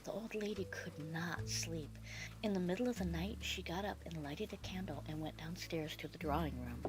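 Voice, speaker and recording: A woman narrating a children's storybook in an expressive, dramatic reading style, with music underneath. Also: on the low side, normal speed.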